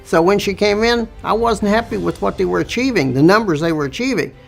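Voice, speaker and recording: Gravelly Southern man with a slow drawl. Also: high voice, soft background music. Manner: slow, drawn-out delivery. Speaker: business owner. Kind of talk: storytelling interview.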